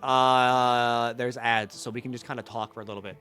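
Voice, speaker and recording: A man's voice: medium pitch, level tone, normal speed, bright, forceful tone, soft background music. A young man streaming, chatting casually and rambling in jokes with many filler words.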